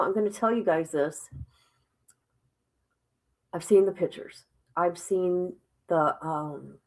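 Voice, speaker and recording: A woman hosting a casual livestream, reading a report aloud haltingly and breaking off with exclamations and asides to her viewers. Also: medium pitch, a little mellow, poor audio. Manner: drops into whispers at times. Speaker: livestream host.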